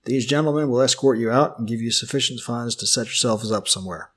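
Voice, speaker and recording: A man's voice: medium pitch, quick pace, a bit bright, slightly rough. A man doing a cold, smug leader. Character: cold, disdainful man, a scheming group leader.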